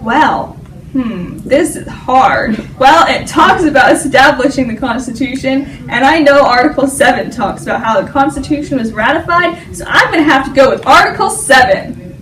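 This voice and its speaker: A woman's voice: high voice, animated, moderate pace, a crowd in the background. A teenage girl in a school comedy skit, reading a passage aloud and puzzling over her answer. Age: teens. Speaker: student contestant. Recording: echoey room, mic at a distance, noisy.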